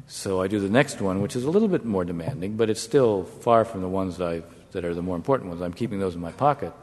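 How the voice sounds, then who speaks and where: A man, a former negotiator, telling a wry anecdote to an audience in a measured way. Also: sits low, animated, darkish tone. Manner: measured, wry storytelling with brief chuckles. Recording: long hall reverb.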